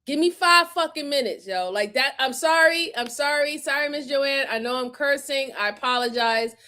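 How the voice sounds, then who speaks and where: High-voiced woman in heated commentary. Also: normal speed, bright, forceful tone. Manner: heated, profane, emphatic. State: furious, near tears. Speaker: video commentator. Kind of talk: reaction commentary on crime footage.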